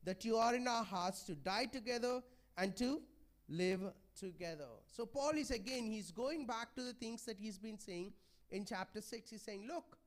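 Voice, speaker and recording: A man's voice: high-pitched, normal speed. A man preaching a sermon in a church, pleading and conversational, often checking in with the congregation. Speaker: pastor.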